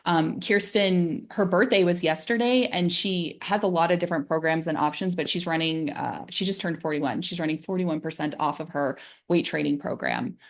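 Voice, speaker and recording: A middle-aged woman, a wellness coach, giving a casual, gentle and encouraging talk about pain, sometimes dropping into soft, soothing self-talk. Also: fairly low pitch, moderate pace, hardly any pauses. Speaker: physical therapist and wellness coach.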